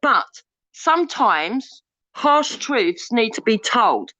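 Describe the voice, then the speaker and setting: A woman's voice: on the high side, big pitch swings, slow pace, bright, forceful tone, no echo, low-quality recording. A woman, debating bluntly on a live stream, lecturing and swearing freely. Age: 50s.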